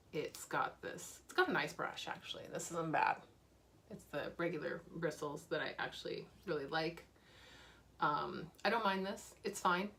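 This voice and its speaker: Chatty woman vlogger, kinda low voice, faint hum in the room. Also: bright, forceful tone. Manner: chatty, candid, with fillers and laughs. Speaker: beauty vlogger. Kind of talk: casual chat.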